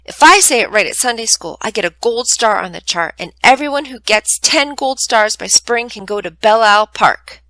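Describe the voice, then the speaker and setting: A woman's voice: on the high side, expressive, moderate pace, hardly any pauses, fairly bright tone, no room sound, voice pushed up, low-quality recording. A woman doing a chatterbox little girl. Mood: eager. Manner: eager, nonstop talking. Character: chatty excitable young girl, big sister.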